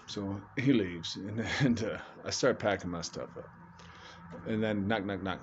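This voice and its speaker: A man's voice: lowish voice, measured pace. A man telling a rambling comic true story in casual talk, cursing and laughing as he goes. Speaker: storyteller doing comedy shorts. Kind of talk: casual spoken anecdote. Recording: dull lo-fi with faint room noise.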